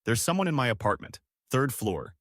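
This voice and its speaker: A man putting on a breathy, frightened Frenchman. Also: medium pitch, big pitch swings, a little fast, a bit bright, no echo, clean studio sound. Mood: urgent whisper. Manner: urgent, whispering.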